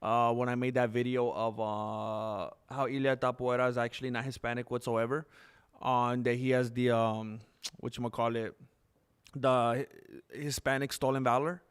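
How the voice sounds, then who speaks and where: A man hosts a live stream, chatting casually and rambling candidly at a moderate pace in a smooth voice. When he thanks viewers, he jumps into high, excited bursts.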